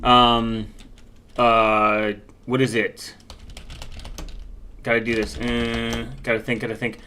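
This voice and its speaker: A man's voice: mid-range voice, monotone, slow pace, pushed and bright, slight background noise. A man from the United States rambling casually while browsing, with many fillers and self-corrections.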